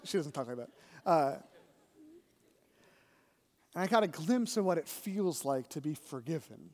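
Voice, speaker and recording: A man's voice: high-pitched, unhurried, long pauses, big-room sound. A man preaching a sermon in a conversational, storytelling manner, often checking in with his listeners. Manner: conversational storytelling, frequent "right?" and "like". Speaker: pastor.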